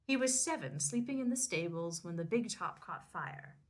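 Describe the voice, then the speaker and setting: A woman co-host reading a novel aloud and joking about it, animated and quick to laugh. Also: fairly low pitch. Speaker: podcast co-host.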